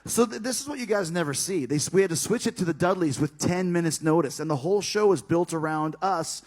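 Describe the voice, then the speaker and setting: A man casually telling a backstage story, animated and profane, acting out the other people's lines. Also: on the high side, fast. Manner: animated and profane, acts out dialogue.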